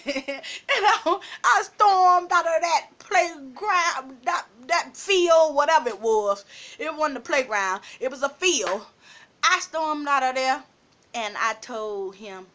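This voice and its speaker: Female storyteller, casual vlog; animated, swooping delivery, frequent laughter. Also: high-pitched, takes it slowly. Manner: animated, laughs often, calls listeners "baby". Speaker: storytime vlogger.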